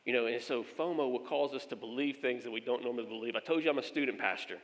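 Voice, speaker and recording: A man's voice: mid-range voice, quick pace, in a large hall. A man, a pastor, telling a funny story during a sermon, acting out the voices of the people in it. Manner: animated storyteller, acts out quoted voices.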